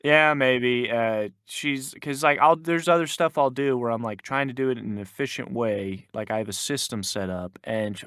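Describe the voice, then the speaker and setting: A man's voice: mid-range voice, moderate pace, few pauses, a bit bright, clean tone, dry recording, clean studio sound. A young man co-hosting a podcast, telling a work story in casual chat with lots of restarts and fillers. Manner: rambling, many restarts, quotes people in put-on voices. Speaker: podcast co-host.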